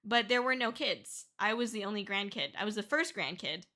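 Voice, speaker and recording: In a casual livestream, a young VTuber from Canada reads chat and thanks viewers, tearful and shrieking with excitement. She speaks briskly in a medium-pitched, animated voice that is bright and forceful.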